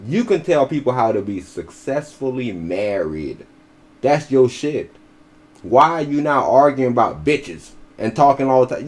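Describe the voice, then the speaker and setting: A man co-hosting a podcast, talking casually and bluntly. He mocks and curses freely. His pitch sits at an ordinary middle level. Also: big pitch swings, unhurried, a little mellow. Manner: blunt, profane, mocking. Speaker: podcast co-host. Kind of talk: casual commentary.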